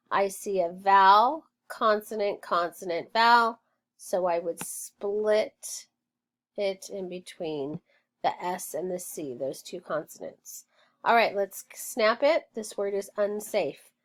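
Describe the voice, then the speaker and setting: Slow, deliberate woman teaching phonics. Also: mid-range voice. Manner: clearly enunciated, drills words and sounds out.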